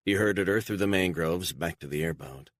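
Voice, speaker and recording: A man with a deep voice narrates a spy thriller audiobook. His reading is measured and even. The recording is dry and close. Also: dry recording. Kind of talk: scripted narration.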